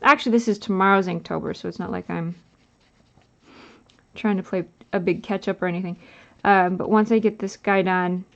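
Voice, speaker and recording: A woman's voice: mid-range voice, normal speed, vocal fry. Tired woman chatting while she inks. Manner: rambling, relaxed, with filler words. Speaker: livestreaming artist. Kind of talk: casual chat while inking a drawing. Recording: dull lo-fi sound.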